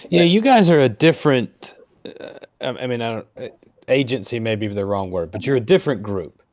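A man's voice: mid-range voice, lively intonation, a little fast, a little mellow, no echo. A man hosting an interview, asking long, thoughtful questions. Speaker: host, interviewer. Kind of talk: casual interview.

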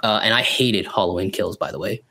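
A man's voice: on the low side, brisk, pushed and bright, a little hiss or hum. A man co-hosting a podcast, rambling and swearing freely as he reviews films in casual chat. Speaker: podcast co-host.

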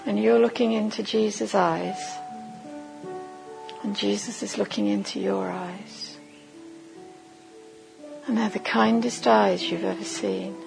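A woman giving a sermon at a conference, leading listeners through a vivid imagined story in a slow, deliberate second-person voice. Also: mid-range voice, fairly even intonation, gravelly, over music, poor audio. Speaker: conference speaker.

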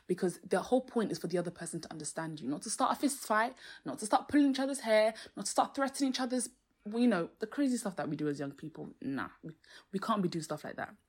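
A young woman with a lowish, husky voice hosts a faith-based podcast from home, with street noise drifting in from outside. She explains Bible verses earnestly and animatedly, sometimes exclaiming and laughing.

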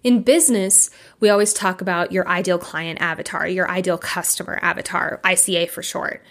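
A woman's voice: on the low side, fairly even intonation, a little fast, fairly bright tone. A young adult woman life coach hosting a podcast, talking candidly and emphatically in a casual monologue, with the odd curse word.

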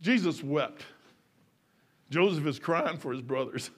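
A man in his fifties preaching with a high voice. He tells folksy stories and acts out both sides of a conversation. His delivery swings between loud emphatic bursts and quiet, low asides. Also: expressive, unhurried. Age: 50s. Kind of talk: sermon.

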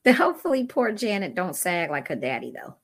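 Woman co-host, lowish voice, wry and joking, casual. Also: very animated, fairly quick. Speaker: podcast co-host. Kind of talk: casual chat about a documentary.

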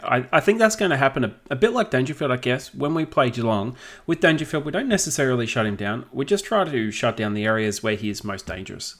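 A man with an Australian accent co-hosting a sports podcast, chatty and quick to laugh. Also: mid-range voice, a bit bright. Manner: chatty, laughs while talking. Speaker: podcast co-host. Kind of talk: casual sports chat.

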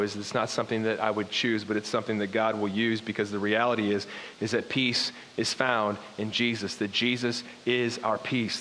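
A man's voice: medium pitch, a bit bright. A man preaching a sermon as pastor, earnest and repetitive, breaking off into asides now and then. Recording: long hall reverb with faint hiss.

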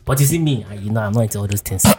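A man's voice: fairly low pitch, racing, noisy background. A man hosting a podcast, joking and laughing as he hypes up his guests. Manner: playful, laughing, hype-man introductions. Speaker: podcast host. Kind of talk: casual chat.

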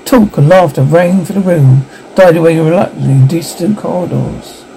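Gravelly-voiced man reading a story. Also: on the high side, moderate pace, slight background noise, poor audio. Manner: steady reading with small slips. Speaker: narrator. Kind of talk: storybook narration read aloud.

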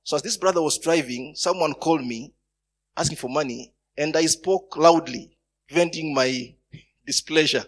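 Man, preacher, husky, slightly high, sermon with loud bursts. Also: moderate pace. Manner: storytelling, bursts of loud emphasis.

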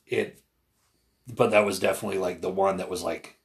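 A man's voice: sits low, a little fast, creaky. A man co-hosting a casual podcast conversation, earnest and hesitant, with many fillers and restarts. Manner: earnest, retells others with raised animated voice. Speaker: podcast co-host.

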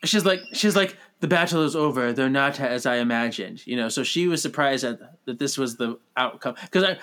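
A man chatting casually about a TV episode, animated and gushing, breaking into dramatic quoted outbursts. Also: mid-range voice, brisk, smooth. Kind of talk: casual chat recapping a TV episode.

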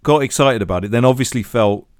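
A man's voice: mid-range voice, fast, clear, resonant tone, dry recording. A man co-hosting a comedy podcast, ranting, swearing and mocking in casual chat close to the mic. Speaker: podcast co-host.

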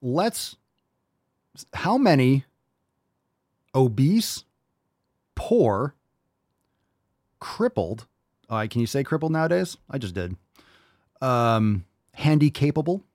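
A man rants sarcastically as a podcast host, mocking and swearing, jumping from loud outbursts to low muttering. His pitch swings widely as he talks. The recording is dry and close to the mic. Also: no echo. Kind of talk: sarcastic commentary reacting to a read-out article.

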